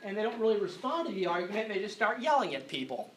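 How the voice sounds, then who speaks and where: Brief: male seminar speaker, conversational, hushed-to-animated delivery, faint background hiss. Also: high-pitched, fast. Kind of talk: youth conference talk. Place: conference hall with an audience.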